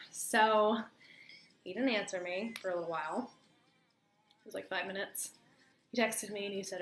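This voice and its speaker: A woman's voice: mid-range voice, fairly even intonation, normal speed, long pauses, fairly bright tone. Chatty young woman in an echoey room. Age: young adult. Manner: chatty, full of "like" fillers. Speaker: vlogger. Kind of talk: casual storytime. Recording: roomy echo, faint room noise.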